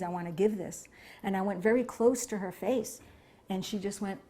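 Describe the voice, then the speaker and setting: A woman's voice: mid-range voice, normal speed, mellow. A woman, a devotee, sharing a personal memory in an interview, telling it in an earnest, reflective way.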